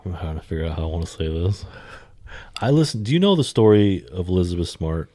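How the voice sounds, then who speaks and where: A man with a very low voice holds a casual, profane podcast chat. His speech swings between low mumbles and sudden loud bursts. The recording is dry and close. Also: sing-song, quick pace, no room sound. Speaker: podcast co-host.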